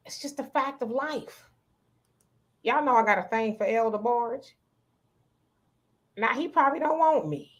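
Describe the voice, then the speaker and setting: A woman hosting a casual talk show, animated and chatty, who laughs often and acts out the voices she quotes. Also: high voice. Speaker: show host. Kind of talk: casual commentary.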